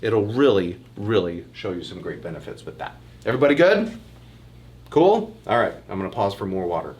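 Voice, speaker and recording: Speaking fairly quickly at a fairly low pitch, a male chiropractor runs an informal online health workshop. He's chatty and animated, addressing his audience as "you guys."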